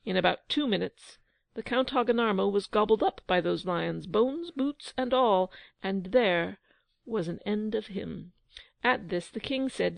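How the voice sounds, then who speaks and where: Expressive woman narrating a children's story. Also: mid-range voice, a little slow, vocal fry, no echo, poor audio. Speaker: audiobook narrator. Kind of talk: scripted narration.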